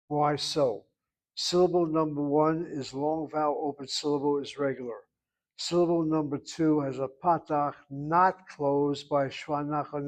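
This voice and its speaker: A man teaching a Hebrew class, explaining grammar step by step and calling on students by name. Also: on the high side. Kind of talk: online class instruction.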